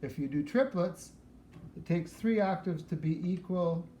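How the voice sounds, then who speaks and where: A man gives a relaxed piano lesson, his voice sitting a little high. He explains scale practice between demonstrations, in an echoey room with piano heard behind him. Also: measured pace. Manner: relaxed, explains while playing and counting aloud. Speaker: piano teacher.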